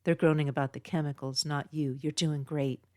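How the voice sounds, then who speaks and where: Woman voicing kind lady whispering encouragement, low soft voice. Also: steady tone, normal speed, no room sound, clean studio sound, lightly acted. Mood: reassuring. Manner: soft, reassuring.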